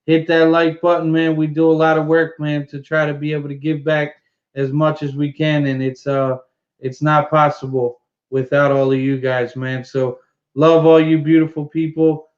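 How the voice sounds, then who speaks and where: Flat-voiced man on dull lo-fi audio. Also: fairly high pitch, normal speed. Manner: filler-heavy, keeps saying "man". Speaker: livestream guest. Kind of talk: casual livestream chat.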